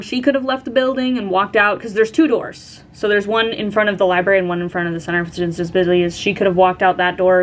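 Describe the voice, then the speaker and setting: A woman's voice: mid-range voice, slight background noise. A young woman vlogger casually telling a story, chatty and full of "like" and "um". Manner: chatty, lots of "like" and "um".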